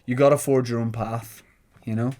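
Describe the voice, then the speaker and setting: A man co-hosts a relaxed podcast. He drops short, dry, teasing remarks and moves the chat along. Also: medium pitch, moderate pace. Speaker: podcast co-host. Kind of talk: casual banter.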